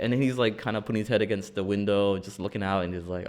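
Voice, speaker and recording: A man's voice: fairly low pitch, rapid-fire, a little hiss or hum. A young man co-hosting a podcast in a studio, chatting casually and telling funny stories with lots of laughter. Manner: animated storytelling, laughs often, acts out quoted voices. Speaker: podcast co-host.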